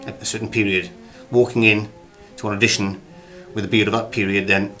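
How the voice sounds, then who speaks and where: Man from Wales, deadpan, rambling, hesitant, low voice, mock acting class. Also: a little fast, soft background music. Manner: rambling, hesitant, many ums and uhs. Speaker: comedy acting tutor.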